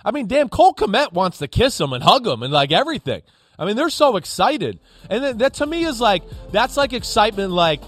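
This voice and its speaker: High-voiced, emphatic football analyst man. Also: a little fast, faint music behind. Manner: emphatic, animated, acts out players' reactions. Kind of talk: studio sports talk.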